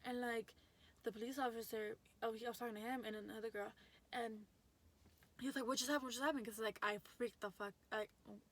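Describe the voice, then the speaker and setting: A woman's voice: on the high side, level tone, fairly quick. A young adult woman telling a story in a casual vlog, chatty and full of fillers and restarts. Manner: chatty, lots of likes and restarts. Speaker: vlogger.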